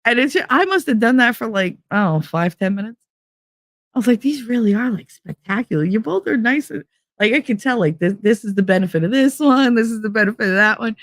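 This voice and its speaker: A woman hosting a podcast, telling a bawdy story in a casual, animated, profane way and acting out what others said. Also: a little high, fast talker, no echo, clean studio sound. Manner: profane, animated, acts out quoted dialogue. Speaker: podcast host.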